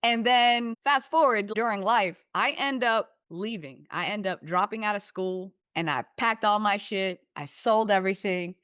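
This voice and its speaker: A woman's voice: medium pitch, measured pace, hardly any pauses, smooth, no room sound, clean studio sound. Candid young woman telling her story. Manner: animated, candid, swears freely. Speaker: podcast guest. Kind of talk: casual storytelling.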